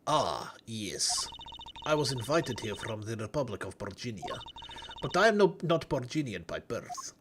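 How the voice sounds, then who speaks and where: A streamer voicing a calm foreign woman singer who speaks in slow, stilted, formal phrases. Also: mid-range voice, background noise, voice pushed down. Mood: composed.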